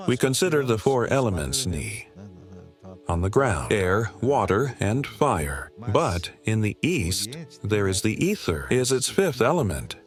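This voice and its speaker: A low-voiced man teaches spirituality with an animated, rising and falling delivery. He explains earnestly and repeats his key points, while soft music plays behind him. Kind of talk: spiritual talk.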